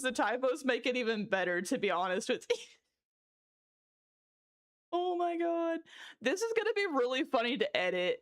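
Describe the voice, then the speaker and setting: Young woman livestreamer, casual chat, somewhat high voice, giddy and laughing a lot, swears freely, close desk mic. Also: a bit bright. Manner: giddy, laughing fits, cursing.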